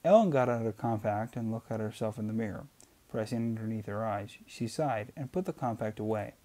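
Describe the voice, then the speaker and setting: A man reading a novel aloud in a steady voice, with occasional slips and restarts. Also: lowish voice, fairly quick. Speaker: amateur reader. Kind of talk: audiobook reading.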